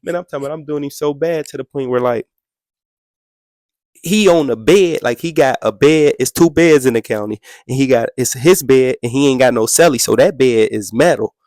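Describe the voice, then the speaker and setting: A young man tells a story as a podcast guest, with lively energy and quotes he jumps up high to act out. His voice sits at an ordinary middle pitch for a man. The sound is close and dry, with no room around it. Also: normal speed, dry recording. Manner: excitable, acts out quotes in a much higher voice, sound effects. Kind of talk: animated storytelling.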